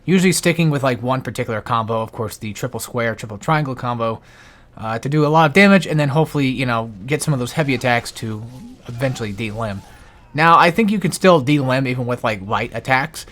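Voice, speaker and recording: A man's voice: mid-range voice, a bit bright. A man narrating a game guide over gameplay in a casual, rambling way, a bit out of breath. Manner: rambling, many fillers and restarts.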